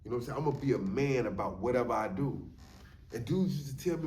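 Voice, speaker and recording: A man's voice: mid-range voice, animated, fast, a little mellow, far from the mic. A man telling stories from prison in a loose, casual way, often saying "you know what I'm saying". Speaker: storyteller sharing his prison experience. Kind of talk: casual storytelling monologue. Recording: echoey room, voice a bit off-mic.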